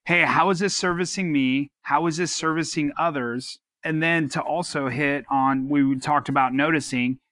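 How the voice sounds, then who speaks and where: A man with a bright, forceful voice, recorded dry and close, talks through advice on a casual podcast. He is earnest and rambles, restarting his sentences often. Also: on the high side, fairly even intonation, normal speed, few pauses, no room sound. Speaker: podcast co-host. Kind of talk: casual advice-giving talk.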